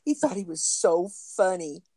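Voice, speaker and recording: A woman's voice: lowish voice, lively intonation, moderate pace, dark tone. A middle-aged woman, chatting and laughing as she tells family stories. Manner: chatty storyteller, amused, laughing. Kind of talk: casual chat.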